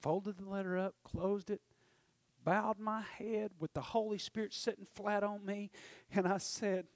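A man preaching a testimony, storytelling with passion and swinging from loud to hushed. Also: sits high, steady tone, measured pace, no echo. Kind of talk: sermon testimony.

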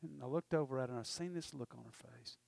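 A man preaching a testimony, storytelling with passion and swinging from loud to hushed. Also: medium pitch, quick pace, gravelly, no echo. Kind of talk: sermon testimony.

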